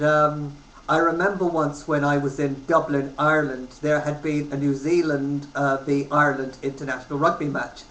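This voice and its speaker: An Englishman in his thirties, his voice a little high and somewhat bright, rambles casually through travel stories into a webcam at home, dropping plenty of ums. The webcam picks up a roomy sound with a faint hiss.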